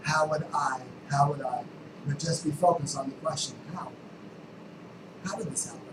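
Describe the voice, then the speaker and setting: A real estate sales trainer with a somewhat high voice leads a live training session at normal speed, telling stories and acting out characters' quotes in shifting voices, his emphatic lines sometimes rising to near-shouts. The mic sits far back from him, so the room echoes around his words, and a steady air conditioning hum runs underneath.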